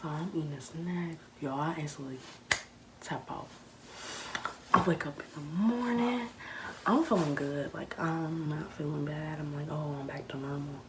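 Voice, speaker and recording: Low-voiced teen girl, hushed chatty storytelling. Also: unhurried. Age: late teens. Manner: hushed, half-whispered narration; casual, chatty, talks straight to viewers. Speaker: vlogger telling a story. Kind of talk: casual storytime monologue. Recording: noisy background ambience.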